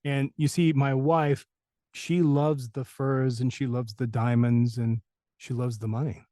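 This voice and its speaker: A man doing a slow, menacing older voice actor. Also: medium pitch, little pitch movement, mellow, no echo, close to an everyday voice. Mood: smooth. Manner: slow, deliberate, veiled threats.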